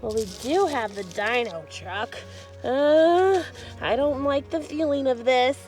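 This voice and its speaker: A woman's voice: high-pitched, animated, takes it slowly, a little mellow, soft background music. A woman voicing a timid, grumbling toy dinosaur friend in a toy play story, sounding reluctant and complaining.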